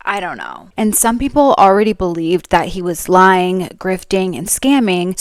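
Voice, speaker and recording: A woman's voice: medium pitch, no room sound. A woman hosting an opinionated commentary video, speaking in a blunt, scornful, outspoken way. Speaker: commentary channel host.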